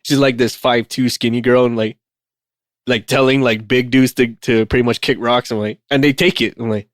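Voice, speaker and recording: A man co-hosting a casual podcast, talking in a relaxed way with lots of fillers and frequent laughs. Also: medium pitch, moderate pace, dry recording, clean studio sound. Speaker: podcast co-host.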